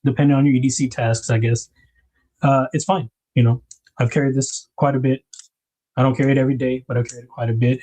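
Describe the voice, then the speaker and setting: A man's voice: medium pitch, mellow. A man hosting a casual livestream, rambling about knife design and greeting viewers in the chat by name.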